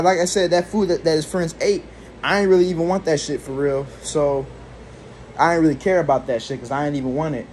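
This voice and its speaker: A man's voice: fairly high pitch, a little mellow, slight background noise. A young man venting in a casual, rambling monologue, swearing freely and sounding fed up. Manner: profane, rambling, exasperated. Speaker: vlogger.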